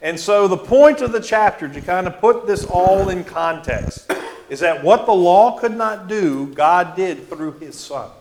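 A man teaching a Bible class in a church classroom, halting with many fillers and restarts, often quizzing his class. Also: sits high, lively intonation, darkish tone. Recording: echoey room with faint noise.

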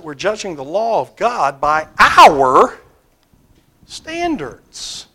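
A man teaching a Bible class like a sermon. He asks the class questions, repeats key phrases, and swings between loud stressed words and quiet asides. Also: high voice, sing-song, slow pace, husky, poor audio.

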